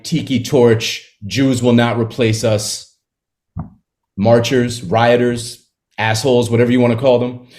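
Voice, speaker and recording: A man in an interview, talking casually about a book he wrote, retelling its scenes with quick asides. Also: mid-range voice, darkish tone. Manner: conversational, retells scenes with quick acted quotes and laughs. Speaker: author discussing his novel.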